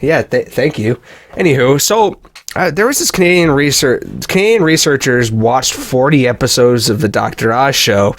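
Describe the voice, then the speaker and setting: A young man chatting on a podcast, relaxed and prone to wandering asides. His voice sits in an ordinary middle range. The sound is dry and close, with no room around it. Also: medium pitch, moderate pace, no echo. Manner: laid-back, laughs often, rambling asides. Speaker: podcast co-host. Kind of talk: casual chat.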